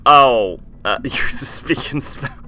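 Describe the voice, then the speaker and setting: A man's voice: mid-range voice, slow pace, bright, forceful tone. A man streaming a game live, chatting casually in a rambling way, full of fillers and swearing.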